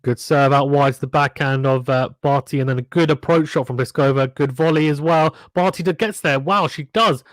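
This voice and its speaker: A man's voice: a little high, a little fast, hardly any pauses, no room sound. A man hosting a live tennis watchalong, calling points casually and reading out viewer comments from the chat. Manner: chatty, reads out viewer comments between points. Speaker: livestream host doing tennis play-by-play.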